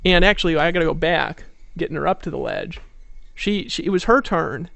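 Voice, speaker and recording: Male presenter, fairly high gravelly voice, persuasive motivational pitch, dry sound. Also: lively intonation, brisk, fairly bright tone, no room sound. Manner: persuasive storytelling, rhetorical questions. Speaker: network marketing presenter. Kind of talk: motivational sales talk.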